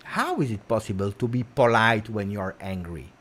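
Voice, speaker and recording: Italian man hosting a football livestream, lively pitch, chatty with fillers. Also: moderate pace. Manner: animated, chatty, many fillers. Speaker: football channel host. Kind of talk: casual livestream chat.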